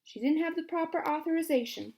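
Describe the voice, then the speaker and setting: A woman's voice: sits high, fairly quick, darkish tone, voice pushed up. Give me a woman playing a stern, lying female camp warden, clipped and defensive.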